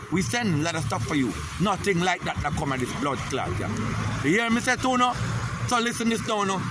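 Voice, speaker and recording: A man's voice: high-pitched, background noise. A man with a Jamaican accent giving a heated, profane political rant, repeating "you hear?" often.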